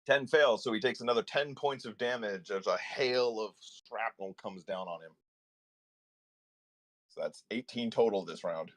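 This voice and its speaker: A man's voice: fairly low pitch, normal speed, fairly bright tone. A man playing a tabletop game, calling out rolls and damage in a matter-of-fact way. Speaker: player. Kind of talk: casual tabletop game play.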